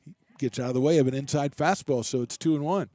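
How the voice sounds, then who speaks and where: A man doing relaxed, chatty play-by-play commentary for a college baseball game, with self-deprecating asides. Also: mid-range voice, fast, no echo. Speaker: play-by-play announcer.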